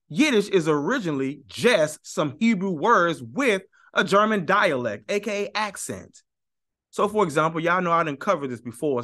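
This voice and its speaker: A man's voice: a little high, pushed and bright. A man giving an emphatic, argumentative teaching monologue on his channel, often repeating points for stress. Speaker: YouTube teacher.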